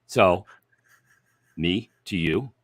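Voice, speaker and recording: A man with a very deep voice co-hosts a casual sports talk show. He is chatty and teasing and laughs easily. The recording is dry and close. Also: lively intonation, very slow, slightly rough, dry recording. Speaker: co-host.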